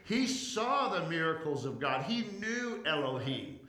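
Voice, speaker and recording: Male preacher, bright forceful voice, chatty delivery full of restarts. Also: a little high, sing-song, unhurried, echoey room. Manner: conversational, stumbling restarts, acts out scripture quotes. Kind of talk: sermon.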